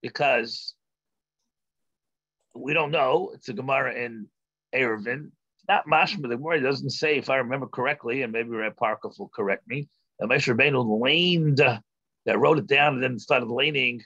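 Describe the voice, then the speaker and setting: A man, a rabbi, teaching a text-study class, thinking aloud with halting restarts and filler sounds. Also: mid-range voice, pushed and bright, husky, dry recording, lo-fi sound.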